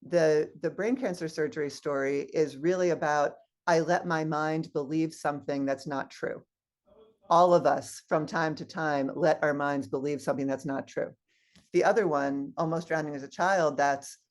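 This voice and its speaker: A woman guest minister giving a sermon, telling personal stories and acting out the voices of people in them. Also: sits low. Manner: animated storyteller acting out quoted voices. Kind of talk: sermon with storytelling.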